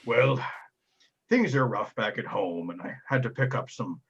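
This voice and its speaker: A man's voice: medium pitch, lively intonation, a little slow, gravelly, a bit bright, slightly rough, highs cut off, pitched below the performer's own voice, full character voice. A man voicing a huge, shy male brute who talks in a sheepish, hesitant way.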